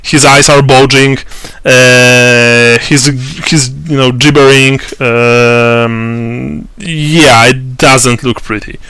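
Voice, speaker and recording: A man narrates a tabletop role-playing game as its game master, speaking slowly and haltingly, full of fillers and restarts. His voice is bright and crisp, and the recording is dry and close. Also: medium pitch, steady tone, no room sound.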